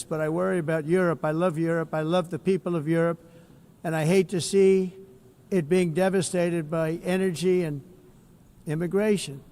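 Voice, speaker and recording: Speaking from a podium mic in a large hall, a head of state gives a formal speech to an assembly in a voice on the high side and a little mellow. He's blunt and boastful, repeating himself and drifting into rambling asides.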